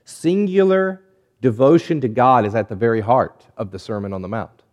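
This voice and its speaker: A man preaching a sermon, measured and deliberate, stretching key words and letting phrases fall quiet at the end. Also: dull audio. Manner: drops low and quiet at phrase ends. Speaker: pastor.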